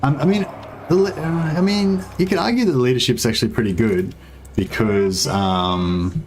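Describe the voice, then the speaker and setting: A man's voice: medium pitch, moderate pace, a little mellow, a little hiss or hum. A young man, streaming a strategy game and chatting casually with viewers, hesitant with many fillers. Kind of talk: casual gameplay commentary.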